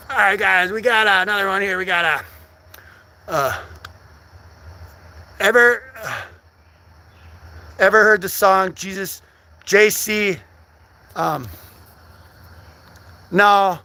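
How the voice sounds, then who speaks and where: A man's voice: high-pitched, takes it slowly, pauses often. A young man hosting a live stream, chatting goofily with viewers and rambling between silly bits. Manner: silly, rambling, breaks into loud singing. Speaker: livestream host. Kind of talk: goofy live chat with viewers, bursts of singing.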